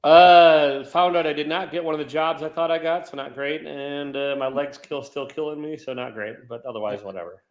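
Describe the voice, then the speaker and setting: A man co-hosting a casual chat, teasing in a dry, deadpan way. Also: fairly high pitch, normal speed, hardly any pauses, muffled recording. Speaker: co-host. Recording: echoey room.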